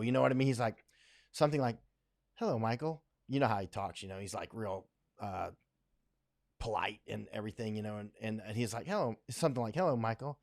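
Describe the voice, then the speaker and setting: A Floridian man hosts a casual livestream from his home in Thailand, chatting and rambling as he reads viewer comments aloud with plenty of fillers. His voice is medium-pitched, and the sound is clean and studio-like with no echo.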